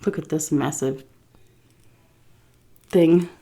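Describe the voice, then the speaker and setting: A woman food vlogger telling a story while she eats, animated, with swearing and laughter. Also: low voice, slow pace, creaky. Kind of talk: story time while eating.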